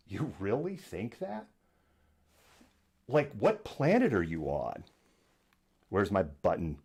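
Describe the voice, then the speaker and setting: A man hosts a live political commentary stream from his home studio, with a somewhat low voice. His delivery is sarcastic and animated, and he keeps breaking into mocking impressions of people he disagrees with. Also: takes it slowly, pauses often, breathy edge. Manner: sarcastic, acts out imagined voices. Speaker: host of a live political news show.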